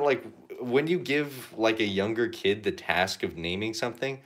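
A man's voice: fairly low pitch, normal speed. A young man chatting casually on a painting livestream, rambling and joking with lots of fillers. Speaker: art livestreamer.

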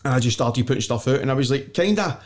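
A man's voice: medium pitch, animated, fast, a little mellow. A man with a Glaswegian accent, guesting on a podcast and telling stories in a blunt, self-mocking way, swearing freely and laughing often. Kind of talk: casual storytelling chat.

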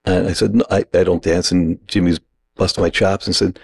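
A man with a very low voice that has a gravelly edge. He tells a long story in casual podcast talk and acts out the lines of the people in it. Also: brisk, dry recording. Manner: animated anecdote teller who acts out quotes. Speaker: podcast guest.

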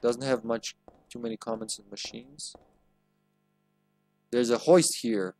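A man's voice: mid-range voice, steady tone, unhurried, a little mellow, no room sound. A man giving live gameplay commentary as a streamer, joking crudely and talking back to the game.

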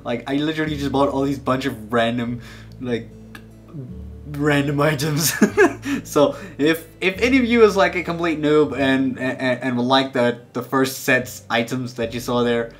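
A man's voice: mid-range voice, normal speed, faint music behind. A young man hosting a gaming channel, chatting loosely over his gameplay in a playful, rambling way that often restarts and repeats words. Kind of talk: casual gameplay commentary.

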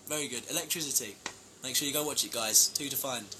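A man's voice: medium pitch, quick pace, background noise. A young man chatting casually on a live stream, reading out fan names and thanking them for gifts. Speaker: band member live-streaming to fans.

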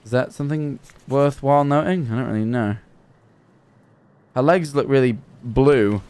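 Young man, horror game stream commentary, nervous, jumpy, swears, mid-pitched voice. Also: normal speed, a little mellow, smooth. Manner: jumpy, nervous, swears often, talks to himself. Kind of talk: live gameplay commentary.

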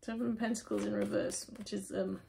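A woman's voice: mid-range voice, big pitch swings, brisk, creaky, mellow, slight background noise. A woman giving a casual tarot reading to camera, talking straight to the viewer and asking and answering her own questions. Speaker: tarot reader.

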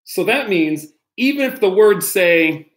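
A man's voice: sits high, animated, a little slow. Playful man reading aloud to kids. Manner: playful, talks directly to kids, mock-outraged squeals. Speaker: pastor reading a children's story. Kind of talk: animated storybook read-aloud on a livestream.

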